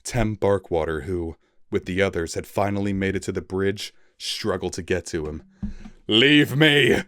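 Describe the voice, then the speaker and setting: A man reading a fantasy novel aloud in a dramatic storybook style with pauses for effect. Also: sits low, fairly even intonation, a little mellow, no room sound, clean studio sound. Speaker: reader.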